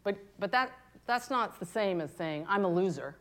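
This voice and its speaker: A woman in her fifties, a pastor preaching a candid, confessional sermon, moving between hushed and impassioned. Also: mid-range voice, lively intonation, normal speed. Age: 50s.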